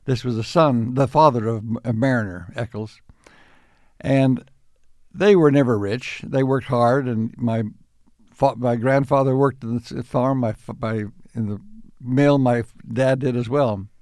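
An older man being interviewed, telling reflective stories in an unhurried, anecdotal way with chuckles. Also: medium pitch, steady tone, a little mellow, no echo, clean studio sound. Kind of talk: reflective storytelling.

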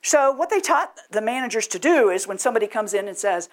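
A woman giving a lively presentation and asking the audience questions. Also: medium pitch, fast, hardly any pauses. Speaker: speaker.

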